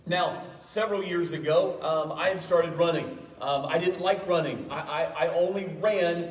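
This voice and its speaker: A man's voice: a little high, moderate pace. A man preaching a sermon, telling stories with self-deprecating humor and often stumbling over his words. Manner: frequent stammered restarts. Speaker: pastor. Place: church hall. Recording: echoey hall, voice from far off.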